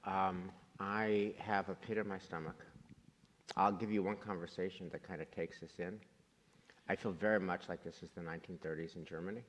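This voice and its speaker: A man leading a class discussion, talking earnestly and telling stories with quoted dialogue. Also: sits low. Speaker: class leader. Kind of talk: group discussion. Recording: long hall reverb.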